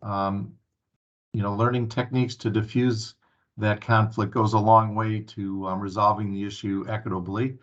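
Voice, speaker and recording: A man's voice: lowish voice, level tone, moderate pace, fairly bright tone. A man giving a staff training presentation at a town hall meeting, earnest and full of filler sounds and restarts. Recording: muffled lo-fi recording.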